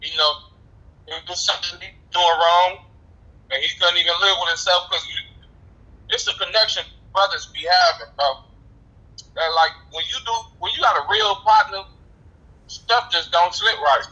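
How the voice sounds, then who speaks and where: A man's voice: sits high, moderate pace, pauses often, sharp tone, poor audio. A man in casual chat, offering encouraging, faith-minded advice.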